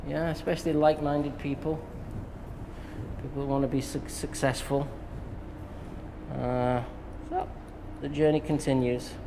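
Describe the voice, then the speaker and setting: An English man explains a haircut step by step in a relaxed, chatty manner, slipping in little jokes as he works. His voice rings with a long echo in a salon, with clear noise behind him. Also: a little high, a little slow, long pauses. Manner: relaxed, chatty, joking asides while cutting. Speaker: hairstylist and educator. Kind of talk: live haircut tutorial commentary. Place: hair salon. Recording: echoey salon with background noise.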